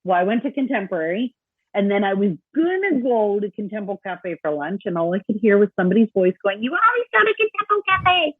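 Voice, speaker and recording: A woman's voice: mid-range voice, a little fast, breathy edge, no room sound. A woman co-hosting a podcast, chatting casually, often laughing and acting out quoted voices. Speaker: podcast co-host. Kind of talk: casual chat. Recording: tinny phone-like remote line.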